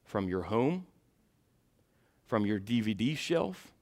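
A man preaching a sermon as pastor, folksy and direct with the congregation, moving from quiet asides to loud shouted passages. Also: fairly low pitch, big pitch swings, slow pace.

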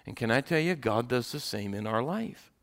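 A middle-aged male pastor preaching a sermon, swinging from loud preaching to quiet storytelling. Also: mid-range voice, expressive, moderate pace, vocal fry.

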